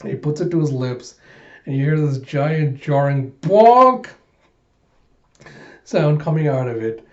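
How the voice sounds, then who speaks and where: A man casually retelling a comic, animated, often laughing and saying "you know". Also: on the high side, measured pace, pauses often. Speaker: comic readthrough host. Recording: roomy and dull.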